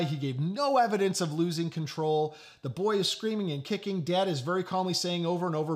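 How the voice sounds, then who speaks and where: A middle-aged man preaching a sermon. He tells a story in a conversational way and often drops to a low, quiet voice. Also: fairly quick, few pauses. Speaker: pastor.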